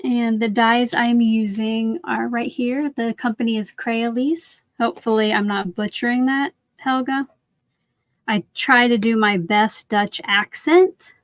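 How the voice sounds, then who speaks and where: A woman's voice: a little high, fairly even intonation, unhurried, no echo. A woman hosting a craft livestream, chatting casually and answering viewer comments while she works, often saying "like".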